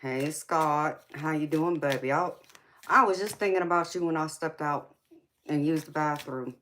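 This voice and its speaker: A woman's voice: low-pitched, moderate pace, fairly bright tone, slight background noise. A woman with a Southern American accent, chatting sassily with viewers on a tarot livestream and calling them baby. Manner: sassy, drawling, calls viewers baby. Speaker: tarot reader hosting a livestream. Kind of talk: casual livestream chat with viewers.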